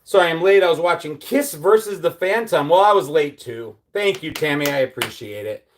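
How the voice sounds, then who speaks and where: A man's voice: fairly high pitch, lively intonation, moderate pace, a little hiss or hum. An American man in his forties hosting a casual livestream, talking in an anxious, rambling, self-deprecating way. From United States. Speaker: livestream host. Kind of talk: casual live chat reading viewer comments.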